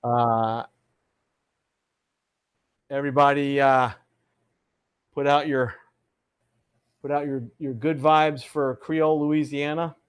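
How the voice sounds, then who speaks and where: A man's voice: mid-range voice, little pitch movement, takes it slowly, pauses often, clear, resonant tone. A man hosting a casual live chat show, greeting viewers with showman flair and reading their comments aloud. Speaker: livestream host.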